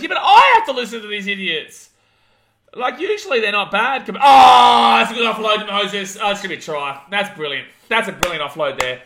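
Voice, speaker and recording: A young Australian man hosting a live watch-along of a rugby league match, calling the play, reading chat and ranting, shouting at big moments. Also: high-pitched, a little fast, vocal fry. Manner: excitable, rants, shouts at big plays.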